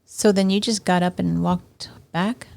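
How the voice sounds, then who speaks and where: A woman's voice: lowish voice, steady tone, measured pace, creaky, a little mellow. A woman hosting a podcast, asking short reactive questions in casual chat. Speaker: podcast host.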